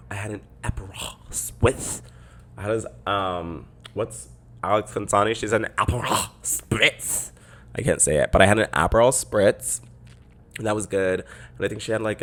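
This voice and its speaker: Man, deep voice, podcast host, casual storytelling, chatty filler-heavy delivery, close mic. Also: creaky, a bit bright. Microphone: podcast microphone.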